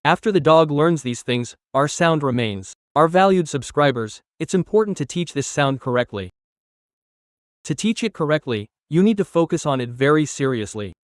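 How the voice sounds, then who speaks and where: A man's voice: a little high, lively intonation, normal speed, dry recording, clean studio sound. A man from Turkey who works as a dog trainer, explaining training methods earnestly and speaking directly to his viewers. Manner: earnest, addresses the viewers directly, gives firm commands to a dog. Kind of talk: instructional video talking to viewers.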